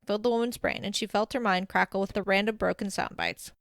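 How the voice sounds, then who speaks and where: A woman narrating a fanfiction audiobook in a steady, expressive reading. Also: medium pitch, fast talker, creaky, very noisy.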